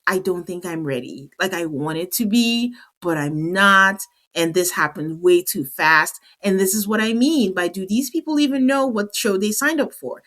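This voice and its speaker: Chatty woman recapping reality TV. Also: mid-range voice. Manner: animated storytelling, acting out the cast's lines. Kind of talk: casual recap commentary.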